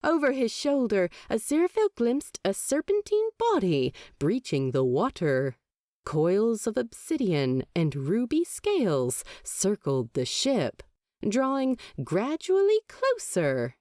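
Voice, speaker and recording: Woman narrator, audiobook, expressive, very lively pitch, slow. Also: no echo, clean studio sound. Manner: expressive storytelling, lively inflection. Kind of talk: fan fiction audiobook narration.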